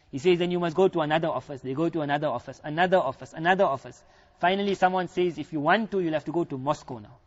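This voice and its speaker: A man with a South African accent, preaching and retelling a story full of quoted dialogue. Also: fairly high pitch. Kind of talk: storytelling sermon. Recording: dull lo-fi recording.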